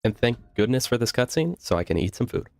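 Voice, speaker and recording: A man's voice: mid-range voice, big pitch swings, fast, darkish tone, no room sound. A young man giving casual gameplay commentary with joking, rambling asides to viewers. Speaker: gaming video host.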